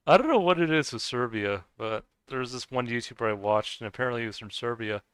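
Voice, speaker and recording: A man's voice: medium pitch, expressive, fast, a bit bright, smooth, no echo. A man streaming a game and chatting casually with viewers, rambling with many fillers and restarts and chuckling often. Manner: chuckles often between remarks. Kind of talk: casual chat while gaming.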